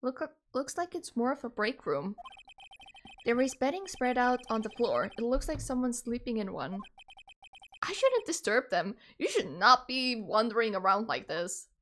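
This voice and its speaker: Chatty woman streamer, bit high. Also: very animated, normal speed, a bit bright, a little hiss or hum. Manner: chatty, jokey, talks to chat. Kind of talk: gaming livestream, reading game text aloud.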